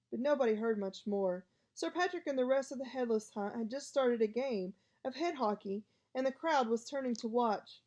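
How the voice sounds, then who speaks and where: Woman reading a kids fantasy book aloud, lively, kinda high voice. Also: moderate pace. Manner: expressive, lively voices for each character. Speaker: audiobook narrator. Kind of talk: storybook reading.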